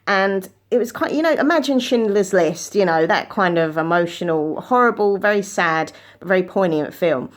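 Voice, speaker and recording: Woman just talking to camera about her life, earnest and chatty, mid pitch, voice jumps up when she quotes herself. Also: expressive, normal speed, hardly any pauses. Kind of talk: personal storytelling to camera.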